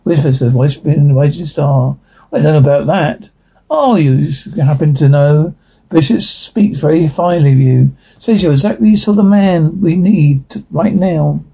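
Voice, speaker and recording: A man's voice: on the high side, normal speed, creaky, warm tone, breathy edge. A man voicing a friendly male parish priest who talks in an easygoing, joking way. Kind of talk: dramatic reading of a transcript.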